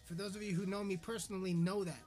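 A furious podcast host signs off with an angry rant, swearing constantly and stumbling over his words in a heated way. His voice is high-pitched, fast, a little mellow and fairly even in intonation. Soft music plays in the background.

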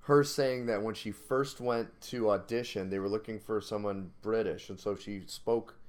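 A man's voice: fairly low pitch, normal speed. A man co-hosting a podcast, chatting casually about films and reacting to his co-host. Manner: attentive listener, short reactions, relaxed. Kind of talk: casual movie review chat.

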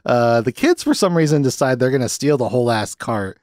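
Laughing, animated young man recapping a film. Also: mid-range voice, a little fast, no echo, clean studio sound. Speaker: podcast host. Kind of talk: casual movie review chat.

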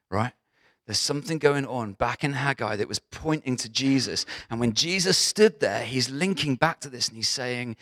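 A man preaching a sermon as pastor, talking in a lively, conversational way with frequent asides to the congregation. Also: lowish voice.

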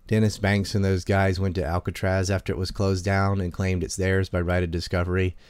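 A man with a fairly low voice, chatting casually as a podcast guest. He laughs between points and throws in quick asides, recorded dry and close with no room sound. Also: flat delivery, a little mellow, clean tone, dry recording. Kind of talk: casual chat.

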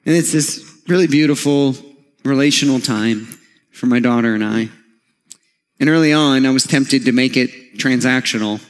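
A man's voice: medium pitch, moderate pace. A man in his thirties preaching a sermon as a pastor, in a conversational storytelling manner with light humor. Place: church sanctuary. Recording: long church hall reverb.

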